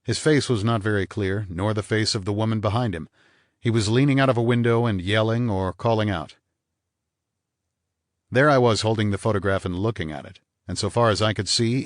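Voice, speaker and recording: A man reading a hardboiled first-person crime novel aloud in a measured, dry delivery. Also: lowish voice, no echo. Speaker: audiobook narrator. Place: studio booth.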